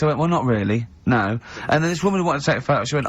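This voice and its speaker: A man's voice: a little high, expressive, very fast, hardly any pauses. Brief: male radio host, 40s, giggly, teasing storyteller, dull studio sound. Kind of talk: casual chat, anecdote telling.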